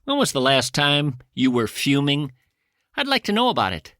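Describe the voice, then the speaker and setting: A man's voice: a little high, sing-song, normal speed, pushed and bright, dry recording, studio quality. A man hosting a comedy podcast, delivering a wry, sarcastic, theatrical monologue. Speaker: podcast host.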